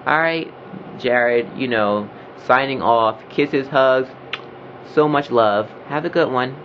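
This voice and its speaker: Man, vlog rant, animated, profane, loud and heated, mid pitch, dull lo-fi audio. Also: takes it slowly, a little hiss or hum. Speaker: video blogger.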